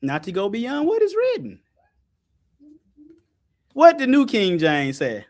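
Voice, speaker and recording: A man preaches in a high voice that swings all over. He is loud and colloquial, laughing and breaking into shouts. His pitch leaps from line to line. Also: wildly swooping pitch, slow. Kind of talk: animated sermon with scripture call-and-response.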